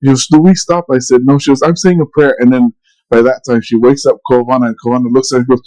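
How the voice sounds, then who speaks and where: A man's voice: medium pitch, steady tone, quick pace, mellow, poor audio. A middle-aged man casually telling a long story on a podcast, rambling with many restarts and quoted dialogue. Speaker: podcast co-host.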